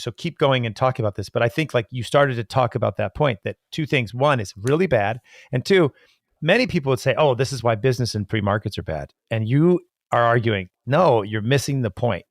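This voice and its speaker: Gravelly-voiced male podcast host. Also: mid-range voice, no room sound, studio quality. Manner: thoughtful, halting, self-interrupting. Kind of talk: interview, reading quotes from a book.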